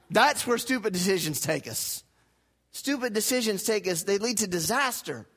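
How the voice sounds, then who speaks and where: A male pastor preaching a sermon, putting questions to his congregation and asking them to repeat lines back, swinging from loud emphatic lines to low, quiet ones. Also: expressive, moderate pace, slightly rough. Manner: rhetorical questions and call-and-response with the congregation.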